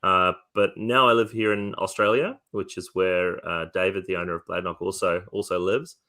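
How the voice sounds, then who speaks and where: A man's voice: deep voice, steady tone, normal speed, bright, forceful tone. A man with a New Zealand accent, answering interview questions in an easygoing, chatty way with plenty of filler sounds. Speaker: distillery guest.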